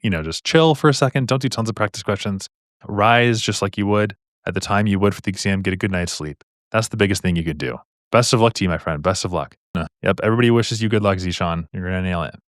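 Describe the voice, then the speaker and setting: A man's voice: lowish voice, fast talker, dry recording, studio quality. A man teaching a casual, upbeat livestream exam review, chatting with viewers as he works through questions. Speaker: medical exam tutor.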